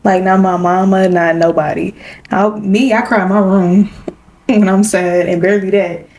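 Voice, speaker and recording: A woman's voice: medium pitch, moderate pace. Young woman telling a casual story. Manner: relaxed storytelling, many "like"s, laughs often. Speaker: podcast co-host. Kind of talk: casual chat.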